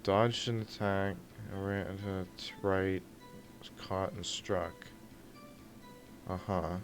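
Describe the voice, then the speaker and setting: A man's voice: deep voice, steady tone, slow pace, soft background music. A man chatting casually as he plays a game on a stream, hesitant and full of ums. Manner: hesitant, many ums and trailing thoughts. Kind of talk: casual chat.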